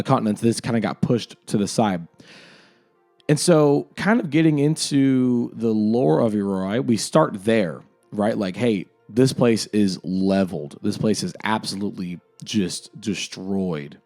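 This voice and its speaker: Young guy game master rambling about his world, low mellow voice, music under it. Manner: rambling, filler-heavy. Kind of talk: casual lore talk. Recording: music in the background.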